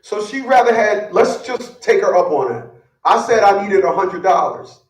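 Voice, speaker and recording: A man's voice: sits high, lively intonation, normal speed, roomy sound, recorded from a distance, rough recording. A man giving blunt, boastful relationship advice in a casual, profane rant, often repeating words as he gets worked up. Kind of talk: casual ranting monologue.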